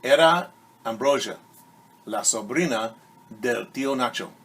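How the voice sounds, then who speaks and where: Maestro que lee cuentos muy despacio. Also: male voice, medium pitch, fairly bright tone, breathy edge. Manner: slow, patient, addresses children directly. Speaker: teacher. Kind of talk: bilingual children's story reading.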